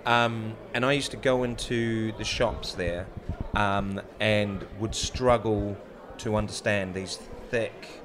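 A man with a New Zealand accent telling animated anecdotes in a casual chat. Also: on the low side, takes it slowly, few pauses, noisy background.

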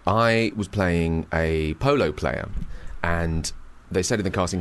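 A man, a guest telling a story in a lively way and acting out the voices in it. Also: low-pitched, slow pace, hardly any pauses, slight background noise. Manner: animated, acts out voices in his stories. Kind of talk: anecdotal storytelling.

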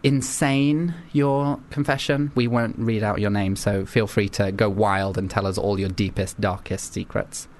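A man's voice: on the low side, steady tone, a little slow, few pauses, a little hiss or hum. A young man hosting a radio show, teasing and playful with lots of restarts. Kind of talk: casual comedic chat.

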